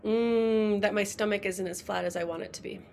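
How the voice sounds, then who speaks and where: A woman's voice: medium pitch, fairly even intonation, normal speed, gravelly, a little mellow. Effusive woman guest, faint hiss. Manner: effusive, emotional, upbeat. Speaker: podcast guest, coach. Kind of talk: casual interview chat.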